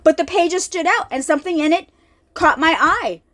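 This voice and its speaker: A woman talking casually about the Bible to her viewers, animated and chatty, often repeating herself and calling the audience y'all. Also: very high-pitched, moderate pace. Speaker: faith vlogger. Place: lives in an RV.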